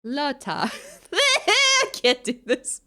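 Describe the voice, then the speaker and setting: A woman's voice: a little high, big pitch swings, normal speed, fairly bright tone. A woman, chatting casually and giggling as a streamer. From Finland. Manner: giggly, self-deprecating. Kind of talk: casual chat while reading a game.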